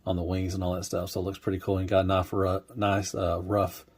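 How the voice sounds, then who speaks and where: A man's voice: deep voice, monotone, a little fast, slightly rough. A young adult man giving a casual toy review, rambling and laid-back with lots of fillers.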